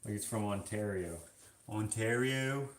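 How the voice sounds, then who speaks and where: A man's voice: on the low side, steady tone, moderate pace, a bit bright, a little hiss or hum. A man chatting casually on a live stream, reading viewer comments aloud and answering with loose, filler-heavy talk. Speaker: vlogger answering viewer questions. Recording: roomy echo.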